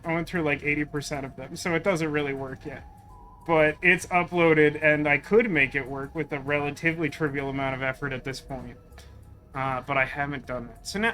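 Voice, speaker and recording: A male game streamer rambles over gameplay in wry, sarcastic asides. His voice is bright and sits slightly high. Game music plays softly underneath. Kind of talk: casual let's-play commentary.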